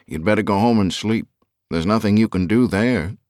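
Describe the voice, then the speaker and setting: A man's voice: on the low side, normal speed, a little mellow, no echo, clean studio sound, pitched above the performer's own voice, natural voice. A man voicing an anxious middle-aged businessman who talks in a clipped, tense way.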